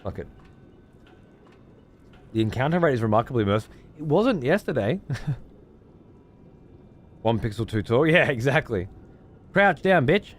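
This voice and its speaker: A man's voice: mid-range voice, very animated, a little slow, pauses often, a little hiss or hum. A man streaming a game, chatting casually and swearing freely while answering his chat. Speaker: let's play streamer. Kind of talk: casual gameplay commentary.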